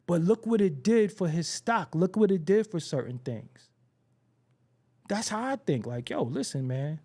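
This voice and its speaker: Here the host's voice is high and dark-toned, expressive and a little slow. He's a man running a hip-hop talk show, spinning casual streetwise stories with lots of slang, profanity, repetition and emphatic asides.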